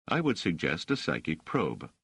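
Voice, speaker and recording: A man's voice: low voice, huge pitch swings, normal speed, fairly bright tone, breathy edge, no echo, full character voice. A man doing an indignant, grim scholar. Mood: defiant. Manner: firm, hot and grim. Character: indignant male scholar under questioning.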